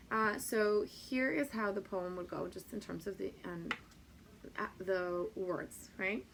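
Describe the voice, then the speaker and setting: In a teacher training talk, a woman who teaches Spanish speaks casually to fellow teachers, using many ums and turning playful and sing-song as she recites a children's rhyme. Her medium-pitched voice is creaky and fairly bright, she speaks slowly, and there is slight background noise.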